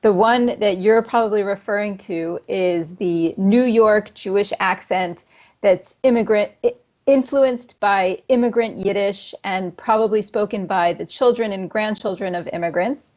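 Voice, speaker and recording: A woman's voice: medium pitch, measured pace, darkish tone, muffled recording. A woman, a professor, explaining linguistic points in an interview in a precise way, with occasional ums.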